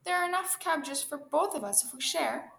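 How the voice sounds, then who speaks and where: Woman voicing a high, gentle turtle lady. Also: lively intonation, a little fast, creaky, echoey room, slight background noise, full character voice. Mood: pleading. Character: gentle patient female turtle.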